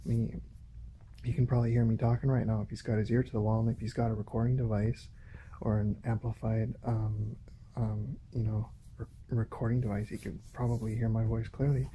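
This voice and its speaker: Hesitant man with a dark voice. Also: on the low side, little pitch movement, slight background noise. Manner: hesitant, full of pauses and restarts. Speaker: vlogger. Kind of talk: rambling phone monologue. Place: home in a shared residential building. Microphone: phone.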